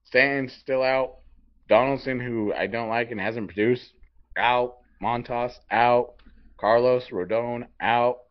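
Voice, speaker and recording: A man's voice: mid-range voice, fairly even intonation, takes it slowly. A man co-hosting a sports podcast, delivering a heated, profane rant. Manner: profane, fired-up ranting. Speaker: podcast co-host. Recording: dull lo-fi podcast audio.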